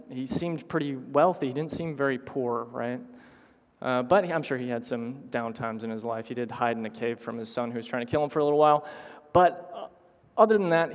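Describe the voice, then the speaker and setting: A man preaching a sermon to his congregation, halting with restarts and clearing his throat often. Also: medium pitch, darkish tone. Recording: long hall reverb.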